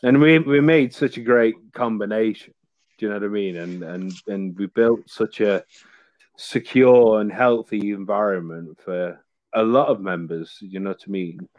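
Male podcast guest, low pitch, dry close mic, loose rambling storyteller. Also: normal speed, no echo, highs cut off. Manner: rambling storytelling with many fillers. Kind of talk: casual chat.

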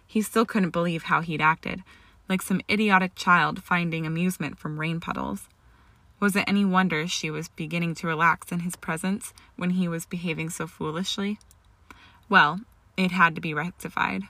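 A woman reading a story aloud as narrator, in a steady, even storytelling manner. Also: fairly low pitch, vocal fry, no room sound. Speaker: audiobook reader. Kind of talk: scripted narration of fan fiction.

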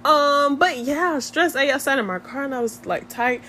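A young woman chatting to her viewers in a lively, slangy storytime, laughing often. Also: high-pitched, moderate pace, a little hiss or hum. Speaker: vlogger. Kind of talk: casual storytime chat.

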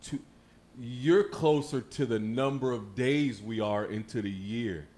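Podcast co-host, man, mid-range voice, relaxed, quizzes his partner. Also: medium pitch, a little slow. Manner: questioning, laid-back, drops short reactions. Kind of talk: casual chat.

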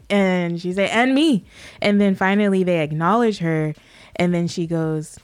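A woman's voice: fairly low pitch, steady tone, unhurried, clear, resonant tone, no room sound. A woman in her thirties co-hosting a married couple's podcast, telling a family story earnestly and laughing easily. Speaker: podcast co-host. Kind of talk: casual storytelling.

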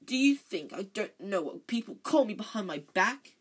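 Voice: mid-range voice, very animated, moderate pace, slightly rough, pitched above the performer's own voice. A reader voicing a sulky, tearful ghost of a teenage girl in a raised voice.

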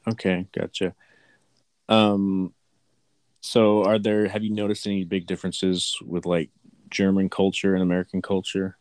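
A man with a very low voice interviews casually. He asks relaxed, curious questions, recorded dry and close. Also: measured pace, no room sound. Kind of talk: casual conversation.

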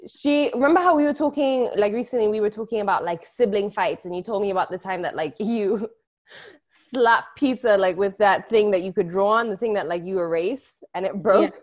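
A woman's voice: mid-range voice, a little fast. A young woman co-hosting a podcast, telling stories in casual chat, swearing freely and laughing often. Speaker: podcast co-host.

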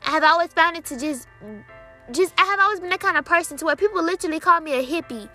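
A young woman, casually sharing a Christian testimony in an excited, chatty way, with many fillers and quoted dialogue. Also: extremely high pitch, quick pace, soft background music.

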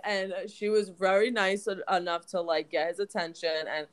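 A woman's voice: medium pitch, normal speed, clear, resonant tone. A woman co-hosting a podcast, telling a story in casual chat, full of "like" fillers. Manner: chatty storyteller, many "like" fillers. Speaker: podcast co-host.

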